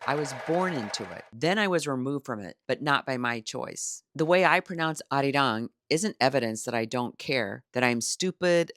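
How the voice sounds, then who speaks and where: A woman's voice: very deep voice, no echo. Earnest woman, dry close voice. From Korea, raised in Iowa, USA. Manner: earnest, measured, quietly defiant. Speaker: vlogger. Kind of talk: scripted personal commentary to camera.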